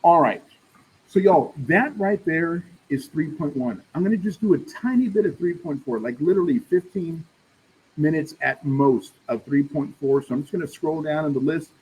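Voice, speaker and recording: With a slightly high, darkish, breathy voice at normal speed, a man gives a math lecture casually and chattily. He calls the room "y'all" and keeps checking in with "right?". The recording quality is rough.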